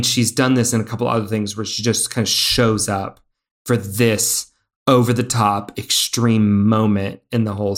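A man co-hosting a casual film review podcast, animated and heavy on fillers and restarts. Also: lowish voice. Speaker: podcast co-host.

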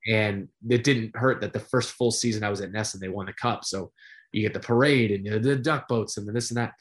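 A middle-aged man, a sportscaster guest, telling stories in a casual interview, animated and full of fillers. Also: fairly low pitch, a little fast. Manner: animated storyteller with many fillers.

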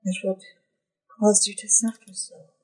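Woman playing a calm fairy queen. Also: mid-range voice, measured pace, husky, voice pushed up, low-quality recording. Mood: solemn.

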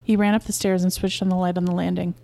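A woman podcast host narrating a short story in a steady, measured way. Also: on the low side, vocal fry.

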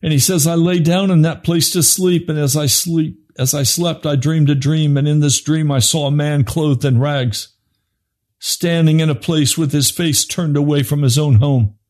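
Impassioned preacher, man with a high voice. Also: fairly even intonation, moderate pace, a little mellow. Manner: impassioned, swinging from low grave tones to high urgent cries. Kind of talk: sermon.

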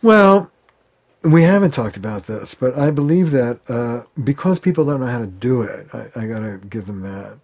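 Male therapist guest: mellow, relaxed tone; lively storyteller who slips into quoted voices. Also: medium pitch, normal speed. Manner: animated, acts out quoted arguments. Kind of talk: conversational interview.

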